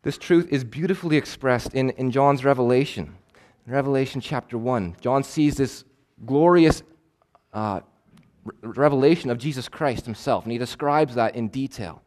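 A male preacher delivering a sermon, emphatic and measured, repeating key phrases for weight. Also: mid-range voice, darkish tone. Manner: measured, stretches words for stress.

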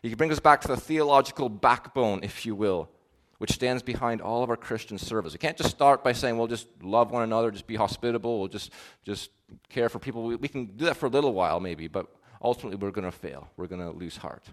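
A man preaching a sermon, earnest, rising to emphatic swells and dropping to soft, quiet endings. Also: medium pitch, quick pace, few pauses.

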